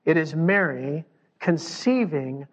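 A high-pitched man preaching a lively sermon, slipping into the voices of the people he quotes. His voice rings out with a long reverb through a church sanctuary. The sound is dull and muffled. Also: slow pace. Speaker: pastor.

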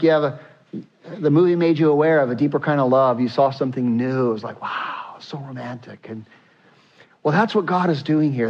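A man's voice: mid-range voice, lo-fi sound. A man preaching a sermon as pastor, teaching in a conversational way with asides and fillers.

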